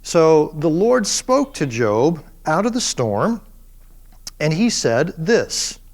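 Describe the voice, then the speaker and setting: A man professor giving a classroom lecture, animated and full of playful rhetorical questions. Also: fairly high pitch, measured pace.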